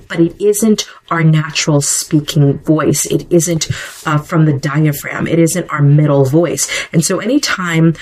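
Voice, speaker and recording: Low-voiced woman hosting a chatty podcast. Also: darkish tone, rough recording. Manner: conversational, chatty with digressions. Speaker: podcast host. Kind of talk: solo podcast monologue.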